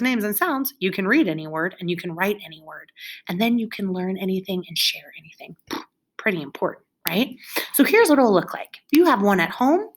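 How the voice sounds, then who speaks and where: Lively, encouraging teacher woman. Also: medium pitch. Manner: bright, encouraging, exaggerated teacher voice. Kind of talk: recorded lesson for young children.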